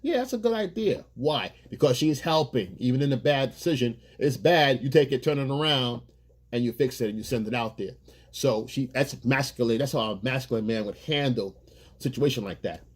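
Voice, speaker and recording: A man with a husky voice giving emphatic, preachy dating advice in a monologue as a coach. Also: mid-range voice, normal speed.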